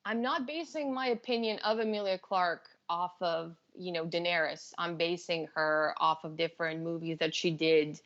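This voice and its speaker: A woman with a fairly low voice chatting as a guest on a live stream. She states her views calmly and earnestly, and her audio comes through dull and lo-fi, like a call. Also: normal speed, few pauses. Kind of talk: casual live chat.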